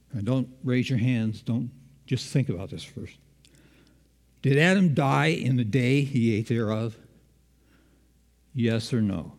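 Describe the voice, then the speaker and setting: A man's voice: mid-range voice, animated, measured pace, long pauses, darkish tone, big-room sound. A man preaching a sermon, engaging the congregation with questions.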